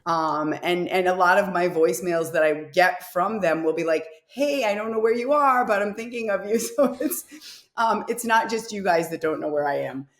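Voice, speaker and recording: Chatty low-voiced woman, echoey room. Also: normal speed. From Rhode Island. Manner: chatty, laughs often. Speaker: guest, travel and food influencer. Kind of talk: casual interview chat.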